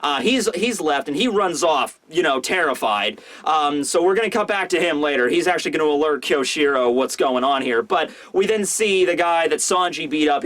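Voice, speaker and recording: High-voiced excitable male reviewer. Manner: excitable, rambling with fillers. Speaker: anime manga reviewer. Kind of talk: casual commentary.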